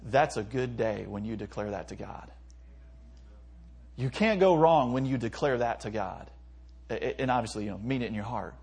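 A man with a husky voice delivers an earnest sermon. He reads scripture aloud and acts out heartfelt prayers in between, at a middle pitch. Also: lively intonation, moderate pace, a little mellow. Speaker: preacher. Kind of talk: sermon to youth.

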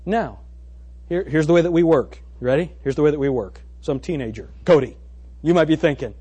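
Husky-voiced preacher with swooping pitch. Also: male voice, brisk, long pauses. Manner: animated preaching with rhetorical questions, calls for amen. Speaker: pastor. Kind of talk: sermon. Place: church service before a congregation.

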